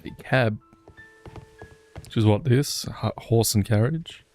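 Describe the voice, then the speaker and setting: A man's voice: lowish voice, takes it slowly, a little mellow, soft background music. A man giving casual, rambling commentary while he plays a video game. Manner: rambling, wry, chatty. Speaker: gaming streamer.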